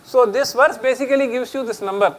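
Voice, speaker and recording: A man's voice: very high voice, brisk, a little hiss or hum, rough recording. A middle-aged man with an Indian accent giving a chatty public lecture, switching between English and Hindi and laughing often.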